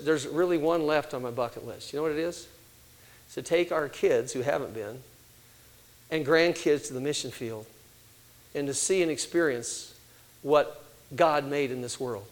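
An older man preaching a sermon, telling family stories and acting out quoted voices with animated delivery. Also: on the high side, poor audio.

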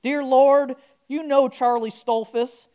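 A woman's voice: sits high, steady tone, takes it slowly, dark tone. A woman playing an earnest praying man with a southern twang, pleading fervently as she tells a story in a sermon. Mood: pleading prayer.

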